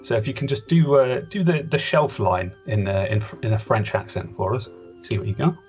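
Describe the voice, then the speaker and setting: A man's voice: medium pitch, normal speed, a little mellow. A man plays a fumbling voice director in a comedy podcast sketch, rambling through his points with endless restarts. The audio is dull and lo-fi, with faint music running underneath. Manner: rambling, hesitant, with many restarts. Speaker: podcast host.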